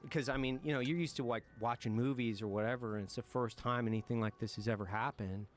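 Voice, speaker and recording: A military veteran telling war stories in an interview, frank and profane, reflective at times and breaking into nervous laughter. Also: male voice, mid-range voice, fairly even intonation, fast talker, a little hiss or hum. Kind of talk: candid war storytelling in a podcast interview.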